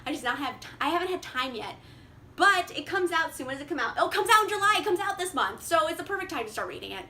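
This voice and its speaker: A woman's voice: sits high, expressive, quick pace, pushed and bright. A young woman chatting casually about her reading plans, bubbly, laughing often and saying like a lot. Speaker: book vlogger. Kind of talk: casual chat.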